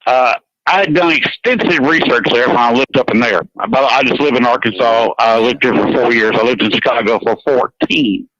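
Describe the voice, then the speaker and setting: A man from Georgia in the US South, speaking with a Georgia accent, chats casually on a radio show, earnest and a bit rambling, repeating words. His mid-range voice is fairly bright and at normal speed, and the radio sound is dull and dry.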